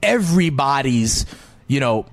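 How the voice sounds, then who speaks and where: A man giving fantasy football analysis in an emphatic, animated sports radio style. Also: mid-range voice, a little slow, dry recording. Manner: animated, emphatic, sing-song delivery.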